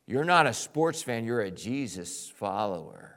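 A male pastor preaching a sermon, animated, swinging from quiet, intimate lines to loud, excited bursts. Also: fairly low pitch, a little slow, few pauses.

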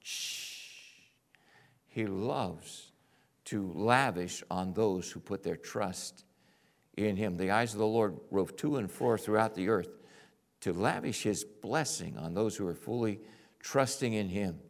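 A male pastor preaching a sermon, animated, swinging from quiet, intimate lines to loud, excited bursts. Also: fairly low pitch, a little slow.

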